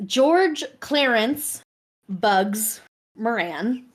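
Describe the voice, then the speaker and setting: Slow-talking woman telling a story on a podcast. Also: a little high, lively intonation. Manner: measured, explaining from her research. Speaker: podcast co-host presenting the story. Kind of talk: casual storytelling chat.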